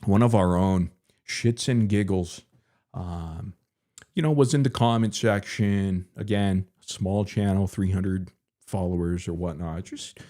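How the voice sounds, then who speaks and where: A man's voice: low-pitched, measured pace, warm tone. A man hosting a live stream, talking in a loose, profane, joking way and repeating himself. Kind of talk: rambling crude live stream commentary.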